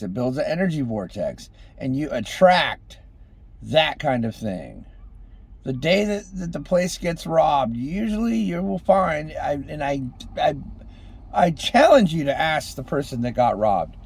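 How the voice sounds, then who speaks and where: A man giving an impassioned motivational monologue, swinging between loud exhortation and hushed intensity, calling on the listeners as ladies and gentlemen. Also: a little high, big pitch swings, a little slow, gravelly, husky. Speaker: street preacher-style motivational speaker.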